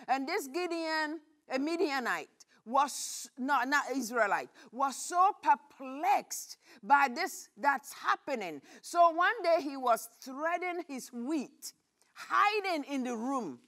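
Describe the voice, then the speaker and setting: A woman pastor preaching a midweek sermon, telling a Bible story with animated rhetorical questions. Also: high-pitched, slow pace.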